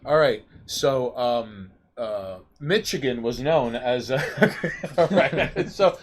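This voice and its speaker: A man's voice: medium pitch, animated, takes it slowly, a little hiss or hum. A man co-hosting a casual chat show. He rambles and stumbles over his words. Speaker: podcast co-host.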